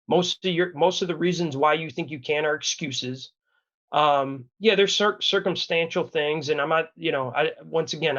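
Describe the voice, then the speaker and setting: A man's voice: on the high side, a bit bright, muffled recording. Earnest rambling man in his thirties. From Wisconsin, USA. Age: 30s. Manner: earnest, rambling, many restarts. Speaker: podcast guest. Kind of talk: candid personal storytelling.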